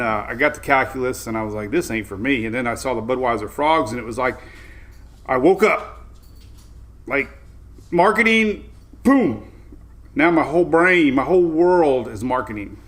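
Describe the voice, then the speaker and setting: An upbeat man chats loosely on his own live stream, greeting viewers one by one and laughing as he rambles. His pitch sits mid-range for a man. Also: fast talker. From Florida. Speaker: host of a weather live stream. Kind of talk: casual live-stream chat.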